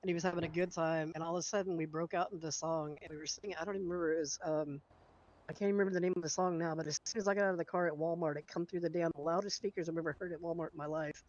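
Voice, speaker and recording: A man's voice: fairly high pitch, fairly even intonation, racing, muffled recording. A man reminiscing at length in casual memorial talk, rambling as he recalls old times. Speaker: roleplay community member.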